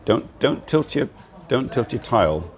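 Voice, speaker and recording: A man's voice: medium pitch, very animated, measured pace, darkish tone. A middle-aged man chatting casually on a livestream from a cafe, laughing often and poking fun at himself, recorded on a laptop mic. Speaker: livestream host.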